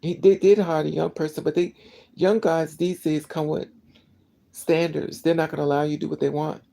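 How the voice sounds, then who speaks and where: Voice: medium pitch, level tone, moderate pace, gravelly, warm tone, rough recording. A vlogger telling a story as a casual rant, emotional and indignant, repeating phrases for emphasis.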